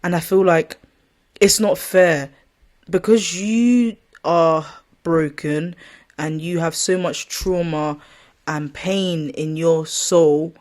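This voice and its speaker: A woman's voice: on the low side, slow pace, a little mellow. Woman, vlogger, casual rant, rambling, exasperated, self-correcting.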